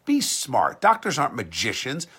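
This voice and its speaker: With a husky, mid-range voice whose pitch swoops wildly, this show and podcast host rants in talk-radio fashion at a moderate pace. His bright, forceful tone stays emphatic and combative, and heat makes him repeat words and start sentences over.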